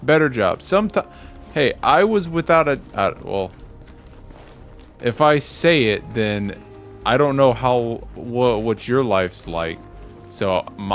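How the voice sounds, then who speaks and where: A man's voice: mid-range voice, takes it slowly, soft background music. A man streaming a video game, chatting casually with viewers and swearing at the game when it goes wrong. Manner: animated, swears at the game and laughs. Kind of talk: casual gaming stream chat.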